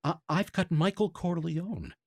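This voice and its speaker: A man in his sixties telling a lively story as an interview guest, stumbling and repeating words as he gets excited. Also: fairly high pitch, a little slow, no room sound, studio quality. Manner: animated storyteller, stammers and repeats. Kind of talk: casual anecdote telling.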